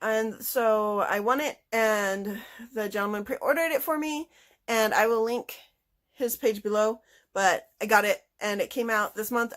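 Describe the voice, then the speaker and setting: Chatty, excitable woman vlogger. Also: on the high side. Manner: chatty and excitable, with many fillers like "like". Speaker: book vlogger. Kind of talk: casual book haul chat.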